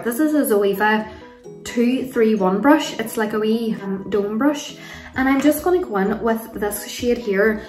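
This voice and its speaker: A woman's voice: mid-range voice, a little mellow. Chatty Irish woman in a roomy space. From Ireland. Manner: chatty and rambling, gushing over products with frequent laughs. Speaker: beauty vlogger. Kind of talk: casual makeup tutorial and Q&A chat. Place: home room, kids nearby. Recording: roomy sound from a distance.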